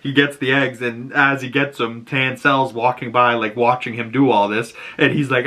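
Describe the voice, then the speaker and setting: Young guy rambling through a show recap, bright tense voice, laughs a lot, acts out the lines. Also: medium pitch, moderate pace. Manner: animated, laughs often, acts out quotes. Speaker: show host recapping a TV episode. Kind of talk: casual recap.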